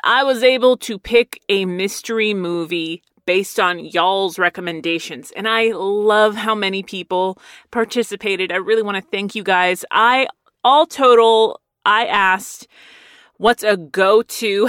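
A woman's voice: medium pitch, fairly bright tone, smooth, no echo, studio quality. A woman hosting a solo podcast, chatting in a rambling casual way and laughing often. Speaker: podcast host.

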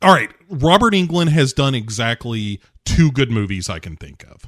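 Animated joking man, lively voice. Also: mid-range voice, moderate pace, dry recording, clean studio sound. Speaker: podcast co-host. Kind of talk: casual movie commentary chat.

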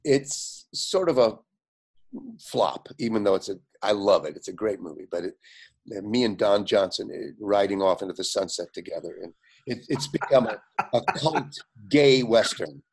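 Gravelly older man telling stories. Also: lowish voice, moderate pace. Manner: animated storyteller, quotes others in lively voices, frequent fillers and laughs. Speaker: guest. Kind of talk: anecdotal storytelling.

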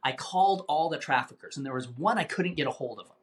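A man telling a tense story as an interview guest, animated and given to repeating words as he talks. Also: fairly high pitch, fast. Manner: animated, acts out quoted voices, repeats words.

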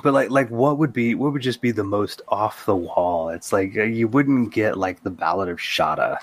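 A man's voice: fairly low pitch, normal speed, dry recording. A man co-hosting a casual podcast, chatty and wry, acting out his own reactions in quotes. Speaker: podcast co-host.

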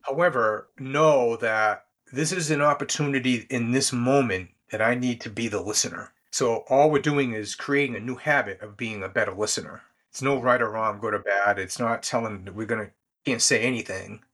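A guest on an interview show explains leadership habits conversationally and in an easygoing way, with many fillers and restarts. His medium-pitched voice is a bit bright and moves at a moderate pace.

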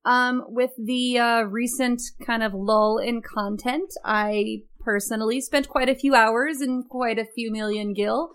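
A woman co-hosts a casual podcast with a slightly high voice. She teases her partner and giggles often, keeping the chat light. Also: fairly even intonation, a little slow, few pauses. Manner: teasing, giggly. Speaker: podcast co-host.

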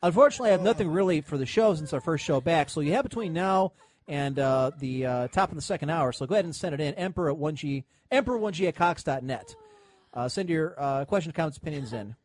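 A man's voice: a little high, expressive, fast talker, a little mellow. A man hosting a podcast in casual chat. He swears freely, laughs often and trails off into fillers. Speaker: podcast host.

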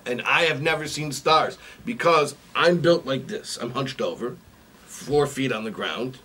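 A man's voice: medium pitch, a little slow, slightly rough. A man doing a blunt, unimpressed goat. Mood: tearful. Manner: flat, shrugging, matter-of-fact. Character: glum male goat, plain and blunt. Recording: distant mic, faint noise.

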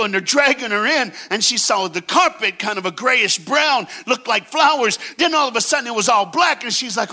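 A man's voice: very high voice, expressive, normal speed, few pauses. A man preaching as a guest speaker in a church, telling a story dramatically and calling on the congregation to answer back. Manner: dramatic storytelling, swings from hushed to shouting; call-and-response with the crowd. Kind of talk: sermon. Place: church stage.

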